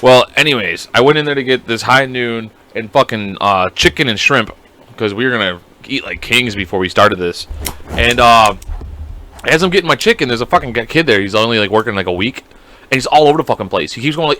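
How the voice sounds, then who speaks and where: Young guy on a podcast, talks super fast and swears a lot, bright voice. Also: medium pitch, animated. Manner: swears a lot, acts out others' voices in his stories. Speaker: podcast co-host. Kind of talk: casual chat.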